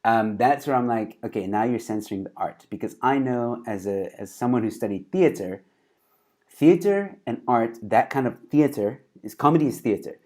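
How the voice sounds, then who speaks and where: A man's voice: mid-range voice, expressive, normal speed, dark tone. A man hosting a casual interview over a video call, talking with many fillers and restarts. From South Africa. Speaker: host.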